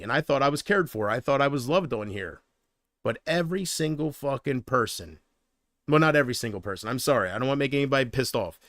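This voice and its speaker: A man's voice: mid-range voice, a bit bright, dry recording, studio quality. A man on a livestream, ranting in an agitated, profane way and talking back to comments from his chat. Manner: reads viewer comments aloud. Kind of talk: live-stream rant to chat.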